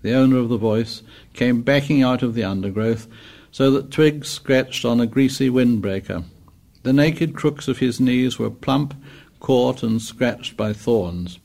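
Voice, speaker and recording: A man narrating an audiobook in a measured, descriptive way. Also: medium pitch, gravelly, a little mellow.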